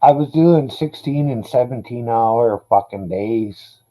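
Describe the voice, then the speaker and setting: A man's voice: mid-range voice, takes it slowly, mellow, poor audio. A man in casual chat, telling dog stories in a laid-back, profane way.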